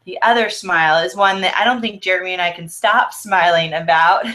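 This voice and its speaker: Her voice is on the low side with a sharp tone and a moderate pace. She's a co-host on a casual video call from her home office, chatting in a bubbly, rambling way with lots of giggles.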